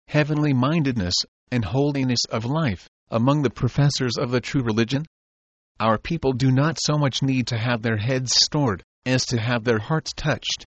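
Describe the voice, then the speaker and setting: A man reading an old religious treatise aloud, in slow and deliberate phrases with pauses. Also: medium pitch, dry recording, lo-fi sound. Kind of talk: measured reading of a sermon text.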